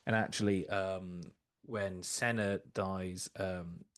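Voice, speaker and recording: A man with a lowish voice tells anecdotes on a podcast. He slips into quoted voices as he goes. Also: steady tone, takes it slowly. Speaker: podcast co-host. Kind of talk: casual storytelling chat.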